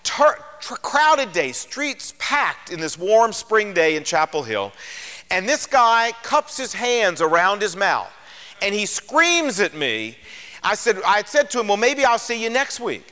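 An older male preacher tells his own story in a sermon with a high, bright voice that swoops through a wide range. He acts out the lines of each person in the story. A long hall reverb hangs behind his words. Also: unhurried. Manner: animated storyteller, acts out dialogue. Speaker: radio preacher.

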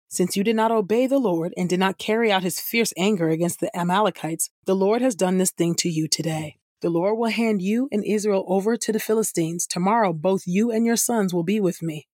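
A stern old prophet called up from the grave, solemn and reproachful, voiced by a woman reading scripture. The sound is dry and close, with an even, mid-pitched tone. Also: fairly quick, few pauses, dry recording, natural voice. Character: aged male prophet raised from the dead, stern.

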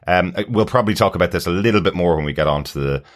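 A man's voice: sits low, rapid-fire. A man co-hosting a podcast, explaining at length in casual chat with frequent fillers. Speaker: podcast co-host.

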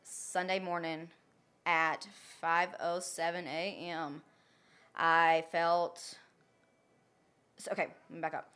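A woman's voice: deep voice, little pitch movement, slow, pauses often, fairly bright tone, smooth. A young woman casually telling a personal story. She talks bluntly, swears freely and keeps checking in with "okay?".

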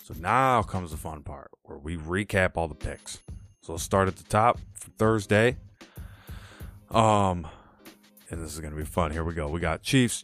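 A man's voice: deep voice, a bit bright. A man hosting his own sports podcast, talking casually and rattling off picks with playful catchphrases. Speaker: podcast host.

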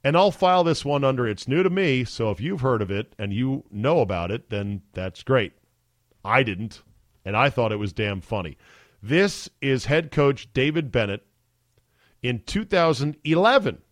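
A man hosts a podcast in an easy, chatty way and leans hard into the words he wants to stress. His voice sits at a middle pitch. The sound is dry and close, with no room around it. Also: expressive, normal speed, no echo. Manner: chatty, enthusiastic, emphatic. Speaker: podcast host. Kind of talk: casual chat.

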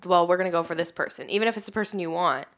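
A woman co-hosting a podcast in casual, excitable chat, with many fillers like "like" and lively acted-out quotes. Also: fairly low pitch, racing. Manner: chatty, lots of "like", excitable. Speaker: podcast co-host.

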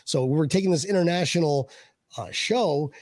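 A man's voice: fairly high pitch, normal speed, darkish tone, no echo. A man hosting a casual sports fan chat, joking and rambling with restarts. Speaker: podcast host.

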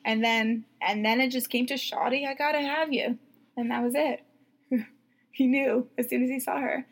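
Animated young woman quoting people. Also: fairly high pitch, moderate pace, vocal fry, husky. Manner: animated, acts out quotes, laughs a lot. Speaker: podcast co-host. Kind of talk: casual chat.

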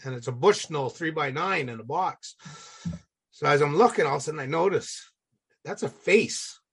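A middle-aged man telling a casual, salty story as a podcast guest, acting out the people in it with animated voices. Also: fairly high pitch, moderate pace, husky.

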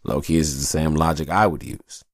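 A man hosts a solo podcast, delivering a casual, rambling, profane monologue and telling stories with animation. His voice is extremely low and a little fast, captured with clean studio sound and no echo.

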